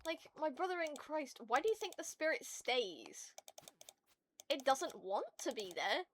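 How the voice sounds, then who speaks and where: A woman streamer chats with her viewers, her voice sitting a little on the high side as she rants with animated, foul-mouthed energy. Faint keyboard clicks and typing sit behind her at the desk mic. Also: a little slow, a little hiss or hum. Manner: profane, animated ranting. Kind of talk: casual chat with stream viewers.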